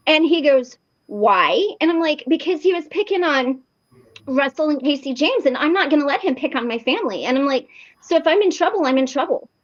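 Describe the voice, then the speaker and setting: Woman with a high voice telling a story, animated, muffled call audio. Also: fairly quick. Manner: animated, lots of fillers and acted-out quotes. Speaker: recovery meeting participant. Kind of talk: casual storytelling. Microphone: video call.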